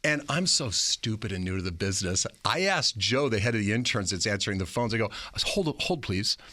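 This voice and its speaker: A male morning news anchor tells animated stories as an interview guest, slipping into the voices of the people he quotes. His voice is fairly low with a bright, forceful edge. The recording is dry and close to the mic. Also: fast, dry recording. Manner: lively raconteur who acts out quoted voices.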